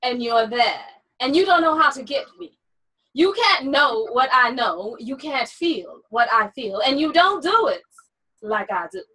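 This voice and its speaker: A woman author co-hosts a chat about her book and reads her poetry aloud slowly and deliberately. Her voice is high and bright, with a breathy edge. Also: sing-song, poor audio. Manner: slow, deliberate poetry reading. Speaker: author and co-host. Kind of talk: casual chat and poetry reading.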